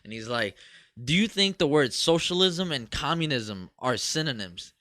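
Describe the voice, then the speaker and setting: A young man with a bright, forward voice trades loose, profane stories on a casual podcast. He is from Cuba and talks in a relaxed, joking way. The sound is close and dry, with no room around it. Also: on the high side, moderate pace, no room sound. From Cuban. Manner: loose, profane storytelling with laughs. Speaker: podcast co-host. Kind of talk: casual chat.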